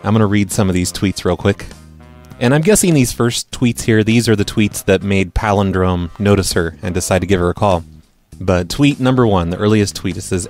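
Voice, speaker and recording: A man's voice: on the low side, fairly quick, a little mellow, faint music behind. A man hosting a prank call podcast, blunt and sarcastic in casual commentary. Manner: blunt, sarcastic, reads tweets aloud. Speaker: podcast host.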